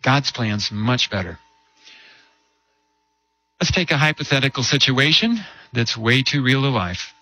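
A man delivers a sermon in a bright, forward voice at an ordinary pitch. He tells a story and keeps asking rhetorical questions, slowing and dropping low on the heavy points. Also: very animated, rough recording. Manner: storytelling with rhetorical questions and slow emphatic drops. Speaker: preacher.

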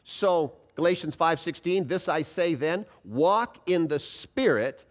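A man preaching a sermon in a church, animated and calling on the congregation to answer him out loud. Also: on the high side, a little slow. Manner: animated, calls for congregation responses.

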